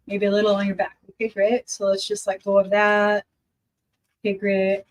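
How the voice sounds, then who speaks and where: Woman, middle-aged, spiritual teacher, earnest, repeats affirmations, mid-pitched voice. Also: completely flat delivery, normal speed.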